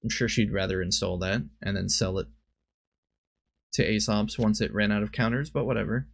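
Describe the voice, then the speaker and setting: A man's voice: fairly low pitch, steady tone, moderate pace, creaky, no echo. A man giving casual commentary on a card game, thinking aloud and often stopping to correct himself. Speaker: streamer and commentator.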